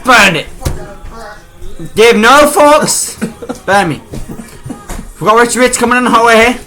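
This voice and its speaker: Brief: high-pitched male host, brash and profane, shouting over background music. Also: lively intonation, a little slow. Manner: loud, profane, often shouting and laughing. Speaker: podcast host. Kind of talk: rowdy casual chat. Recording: music playing behind.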